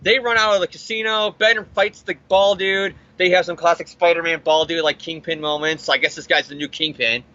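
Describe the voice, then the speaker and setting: A man casually recapping a comic book on a podcast, animated and profane, acting out the characters' lines. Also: on the high side, fairly quick, hardly any pauses, lo-fi sound. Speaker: podcast co-host.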